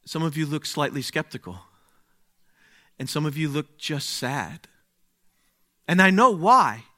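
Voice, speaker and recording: A man preaching a sermon, speaking slowly and deliberately, dropping to a hush and then rising to exclaim. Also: fairly high pitch, animated. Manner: slow, deliberate, swings from hushed to exclaiming.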